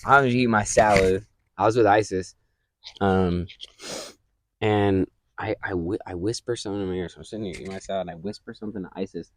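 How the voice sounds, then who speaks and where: Low-voiced young man telling stories. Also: fast talker, slight background noise. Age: young adult. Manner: animated storyteller, swears a lot. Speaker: podcast co-host. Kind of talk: casual chat.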